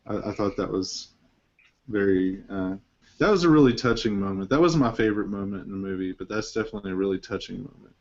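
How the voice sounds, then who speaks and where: A man's voice: on the low side, animated, quick pace, a little mellow. A man hosting a casual film discussion, rambling with lots of fillers and restarts. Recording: dull lo-fi recording.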